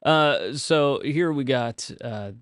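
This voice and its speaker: A man's voice: mid-range voice, slow pace, fairly bright tone, clear, resonant tone, dry recording. Man reading and commenting on a livestream. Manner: reads items aloud then comments with dry humor; frequent hesitations and fillers. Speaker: livestream host.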